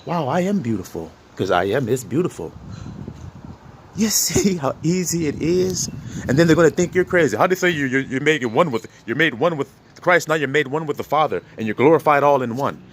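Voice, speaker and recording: A man preaching an informal sermon in an animated, conversational way, often asking his listeners rhetorical questions. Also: a little high, fairly quick, slight background noise.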